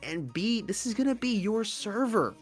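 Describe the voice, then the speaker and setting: A man co-casting a mobile esports tournament, breaking down strategy in an animated, analytical way. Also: high voice, normal speed, soft background music. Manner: animated, analytical, stresses key words. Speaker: esports co-caster.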